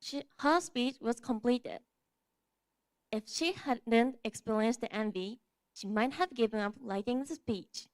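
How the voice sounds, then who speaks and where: A woman speaking in a halting, measured, formal way. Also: fairly high pitch, no echo.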